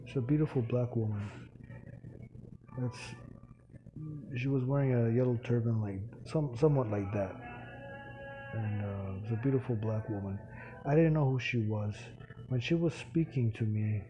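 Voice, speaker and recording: A man telling a personal spiritual story in a halting, rambling way, full of restarts and fillers. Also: medium pitch, highs cut off.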